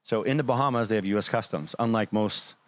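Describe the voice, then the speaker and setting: Low-voiced man telling a story. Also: fast talker. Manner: animated, quotes others in dialogue. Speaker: show guest or panelist. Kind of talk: casual storytelling.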